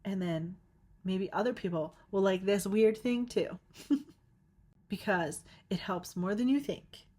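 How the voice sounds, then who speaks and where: A woman's voice: medium pitch, measured pace, a little mellow. A young woman hosting her own podcast, rambling casually with lots of filler words and frequent giggles. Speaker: podcast host. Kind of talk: casual solo podcast monologue.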